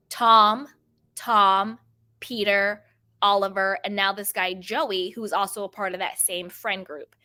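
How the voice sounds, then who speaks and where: A woman's voice: mid-range voice, pushed and bright. A young adult woman hosting casual reality TV gossip commentary, chatty and emphatic, often repeating phrases for emphasis. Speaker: pop culture commentator.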